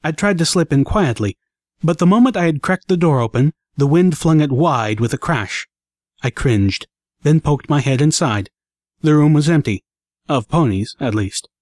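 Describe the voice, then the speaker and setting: A man reading a first-person action story aloud in an expressive, dramatic way. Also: a little high, normal speed, no echo, clean studio sound. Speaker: audiobook narrator.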